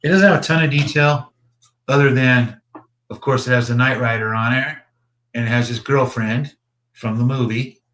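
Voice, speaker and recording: A man's voice: mid-range voice, steady tone, moderate pace, fairly bright tone. Rambling, swearing man at his workbench. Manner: rambling, profane, chuckling. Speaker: slot car builder and show host. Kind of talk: casual livestream chat.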